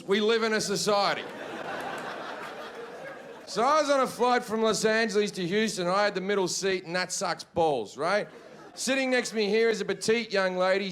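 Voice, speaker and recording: Profane, high-voiced stand-up comedian. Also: male voice. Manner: profane, animated, acts out the characters. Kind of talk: stand-up storytelling. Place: comedy festival stage.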